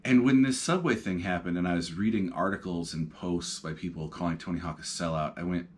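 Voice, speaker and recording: Hosting his podcast solo from home, this man in his thirties rambles reflectively, full of ums and uhs, seated on his couch. His voice sits low and darkish, with lively intonation and a brisk delivery that hardly pauses.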